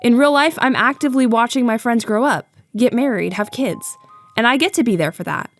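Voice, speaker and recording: Young woman, higher pitch, sincere and thoughtful narration with a joking edge. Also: a little fast, soft background music. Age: young adult. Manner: earnest and reflective, with playful asides. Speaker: YouTube video essayist. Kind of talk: scripted narration.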